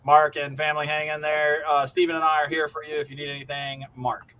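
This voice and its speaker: A man's voice: on the high side, little pitch movement, brisk, smooth. A man hosting a casual group chat on a stream, joking around and swearing freely. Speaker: show host. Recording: dull lo-fi audio.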